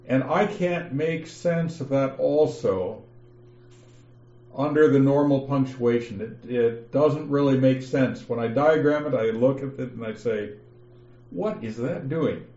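A man teaching a Bible lesson, slowly reading passages aloud and explaining them step by step. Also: medium pitch, dark tone, echoey room, lo-fi sound. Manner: slow, methodical, reads passages aloud with emphasis. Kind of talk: scripture lesson over an online call.

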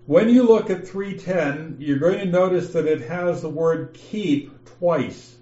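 A man teaching a Bible lesson, slowly reading passages aloud and explaining them step by step. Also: fairly high pitch, warm tone, reverberant, highs cut off. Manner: slow, methodical, reads passages aloud with emphasis. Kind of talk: scripture lesson over an online call.

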